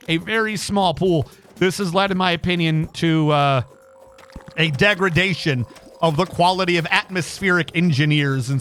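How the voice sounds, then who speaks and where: A man's voice: high-pitched, fairly bright tone. A man streaming a game, ranting casually with heavy swearing and frequent stammered restarts. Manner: profane, stammering, heated ranting. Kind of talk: casual gaming livestream rant.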